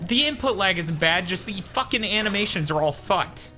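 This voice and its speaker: A man doing casual live-stream commentary over a game, ranting with profanity and quick laughs. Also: high-pitched, lively intonation, bright, forceful tone. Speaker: streamer playing and reviewing a game. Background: game music.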